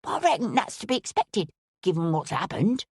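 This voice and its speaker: A woman voicing a cheeky young servant boy with a rough, lower-class way of talking. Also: very animated, brisk, a little mellow, dry recording, clean studio sound. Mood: defensive, eager.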